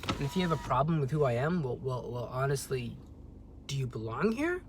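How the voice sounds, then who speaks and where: A young man telling a story on a vlog as a rambling, agitated rant, with sudden loud jumps in pitch. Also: very animated, fairly quick, a little hiss or hum. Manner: rambling, with many restarts. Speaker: vlogger.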